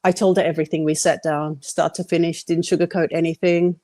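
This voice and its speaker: Candid woman with a mellow voice. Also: deep voice, level tone, fairly quick, dry recording. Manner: earnest, candid storytelling. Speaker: guest sharing a testimony. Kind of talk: personal faith testimony.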